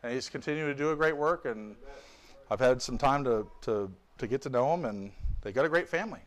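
A man's voice: mid-range voice, lively intonation, a little fast. A man preaching a sermon with fervor, reading scripture and adding joking asides. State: tired. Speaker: visiting pastor.

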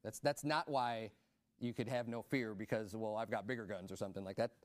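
A man preaching a sermon in a conversational way, rising to loud emphatic peaks. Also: fairly low pitch, steady tone, fairly quick, no room sound.

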